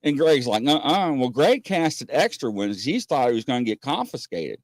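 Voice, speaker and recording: A man hosting a casual podcast, telling stories with lots of pauses and acting out what people said. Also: medium pitch, sing-song, darkish tone, no room sound. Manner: rambling storyteller, many "uh" pauses, acts out quotes. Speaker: podcast host. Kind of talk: casual chat.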